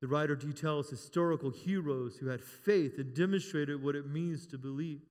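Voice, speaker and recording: A man's voice: fairly high pitch, moderate pace, a little mellow. A man in his fifties preaching a sermon in a church, joking with the congregation and rising to emphatic calls. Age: 50s. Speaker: pastor. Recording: long hall reverb.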